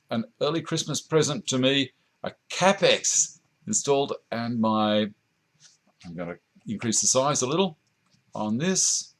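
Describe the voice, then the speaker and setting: An Australian man hosting a woodworking live stream, chatting casually, reading out viewer comments and chuckling often, recorded on a camera mic in a home workshop. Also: medium pitch. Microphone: camera mic at a short distance.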